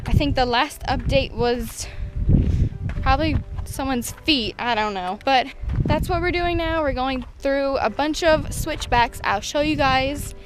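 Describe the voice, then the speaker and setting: A woman's voice: sits high, a little slow, background noise. A young woman, chatting candidly in casual vlog updates from a canyon trail. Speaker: vlogger. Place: outdoors on a canyon hiking trail and campground.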